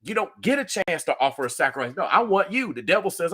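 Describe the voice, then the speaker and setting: This livestream host is a man with a high-pitched, slightly rough, somewhat bright voice who speaks very animatedly and quickly with few pauses. He addresses viewers directly, earnest and emphatic, and often repeats himself.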